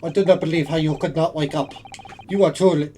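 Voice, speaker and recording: A man's voice: on the high side, fairly even intonation, a little fast, warm tone, a little hiss or hum, lightly acted. A man voicing a threatening male interrogator with a put-on Russian accent and broken English. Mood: menacing. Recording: game music behind.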